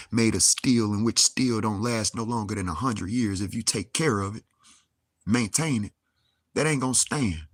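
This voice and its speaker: With a lowish, fairly bright voice carrying a breathy edge, this young man delivers an angry monologue to camera as a vlogger, cursing heavily and firing off rhetorical questions. There's no room sound.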